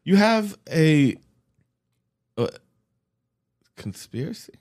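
Young male co-host, bouncy pitch, quick jokes, laughs a lot. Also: sing-song, darkish tone. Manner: jokey, laughs often, wisecracking. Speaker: podcast co-host. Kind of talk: casual chat.

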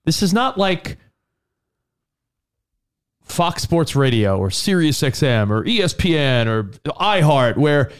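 A man's voice: on the high side, slow pace, long pauses, clean tone. A man co-hosting a casual sports talk show, teasing and arguing his point. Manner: animated, teasing, argumentative. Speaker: radio co-host.

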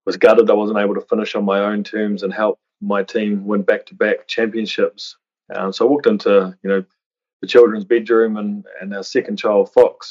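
A man in his thirties talks earnestly as a podcast guest, often restarting phrases. His voice sits low and stays level. The recording sounds dull and lo-fi. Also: darkish tone. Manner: earnest, many restarts and "you know" fillers. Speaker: podcast guest, retired rugby player. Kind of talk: reflective interview talk. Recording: dull lo-fi audio.

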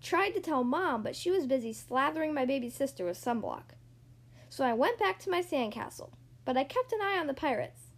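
Woman narrator for a children's storybook, high voice, very lively reading. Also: a little fast. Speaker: storybook reader. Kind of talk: storybook read-aloud narration.

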